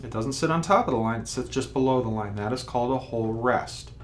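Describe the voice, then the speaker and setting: A man's voice: mid-range voice, fast talker. A man teaching a beginner trumpet lesson, explaining patiently step by step and sounding out rhythms as he goes. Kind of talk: instructional video lesson.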